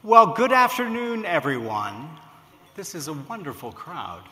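A man giving a storytelling keynote talk from a podium, animated and peppered with "uh" fillers. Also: fairly high pitch, a little slow. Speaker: keynote speaker. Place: large lecture hall at a podium. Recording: echoey reverberant hall.

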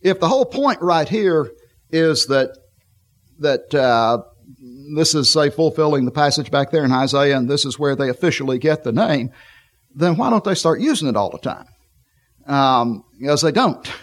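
A middle-aged man preaching a sermon, leading his listeners through scripture passages and pausing often with fillers as he reads. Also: a little high, animated. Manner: halting, frequent fillers and restarts while reading scripture.

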